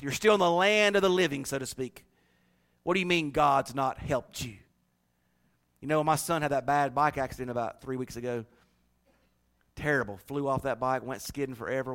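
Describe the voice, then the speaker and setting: A middle-aged male pastor preaching a sermon, swinging between shouted refrains and hushed, low passages.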